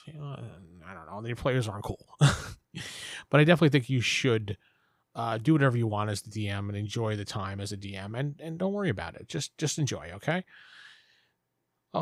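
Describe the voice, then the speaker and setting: A man's voice: mid-range voice, no room sound. Male host, casual advice monologue, loose and rambling delivery, dry recording, mid-range voice. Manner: rambling and conversational. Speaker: podcast host giving game master advice. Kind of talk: casual monologue answering listener questions.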